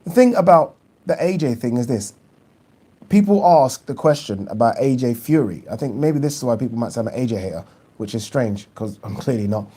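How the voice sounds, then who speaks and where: A man with a mellow, warm voice and a medium pitch, talking casually as he hosts a live stream about boxing. He is opinionated and chatty, often pausing on an "um" or repeating a word before he makes his point. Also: animated, breathy edge. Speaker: boxing channel host. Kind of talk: casual live-stream chat, reading viewer questions.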